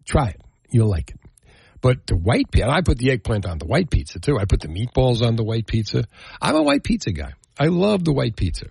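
A male radio host talks in a lively, up-and-down way with a gravelly, husky edge. The sound is dry and close. He jokes with callers and reads phone numbers over and over. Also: medium pitch, a little fast, no echo. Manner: animated, jokey, repeats phone numbers. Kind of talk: call-in radio talk.

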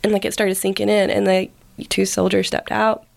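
Woman with heavy vocal fry. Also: mid-range voice, flat delivery, moderate pace, darkish tone. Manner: casual, filler-heavy, acts out quoted speech. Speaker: podcast guest. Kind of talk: personal story in an interview.

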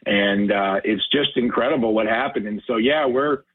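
A man calling in to a radio show as a tackle company guest, telling a fishing story with lively, acted-out quotes. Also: lowish voice, normal speed, slightly rough. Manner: animated storyteller, acts out quotes. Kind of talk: phone-in radio interview. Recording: tinny phone line.

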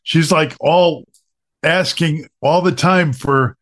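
A man's voice: on the high side, takes it slowly. A man hosting a talk show, blunt and wry, telling anecdotes as he talks. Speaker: podcast host. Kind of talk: opinionated talk show chat.

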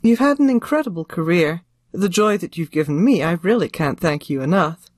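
A man interviews a guest, asking curious questions and praising her warmly. The recording is dry and close. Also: high-pitched, animated, moderate pace, no room sound.

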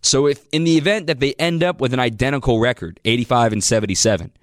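Energetic male sports radio host. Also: medium pitch, quick pace, no room sound, clean studio sound. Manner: energetic, conversational, reads out phone numbers. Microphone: studio microphone.

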